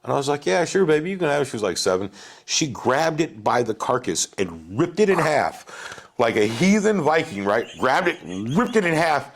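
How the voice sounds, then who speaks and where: A man telling family stories in a casual chat, animated, acting out his kids' lines and often calling the listener "bro.". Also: medium pitch, normal speed, breathy edge. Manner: animated, swears, says "bro" a lot. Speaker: podcast guest. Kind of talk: casual storytelling.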